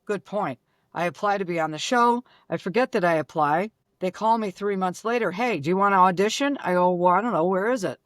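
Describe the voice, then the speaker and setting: An older woman from Buffalo, a guest telling brash, rapid-fire stories with acted-out dialogue. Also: mid-range voice, no room sound, clean studio sound. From Buffalo, New York. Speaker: guest, former pro golfer. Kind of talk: animated storytelling.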